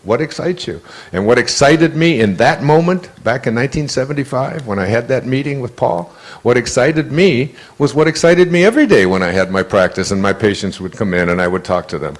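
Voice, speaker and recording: An older man giving a motivational lecture, telling stories in a conversational way that often repeats and restarts words. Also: medium pitch. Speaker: motivational speaker. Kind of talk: storytelling lecture.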